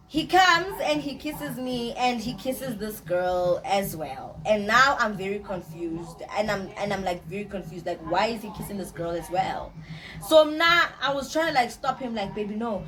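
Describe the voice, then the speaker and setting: A young woman, telling a personal story to camera in a casual, animated way, often repeating herself. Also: medium pitch, normal speed, crowd noise. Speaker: storytime vlogger.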